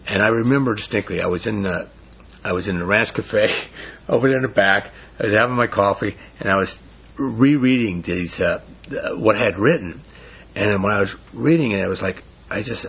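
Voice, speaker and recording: A man's voice: on the low side, moderate pace, breathy edge. A middle-aged man leading a Bible study in an earnest, rambling, casual way, with frequent restarts. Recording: dull lo-fi recording.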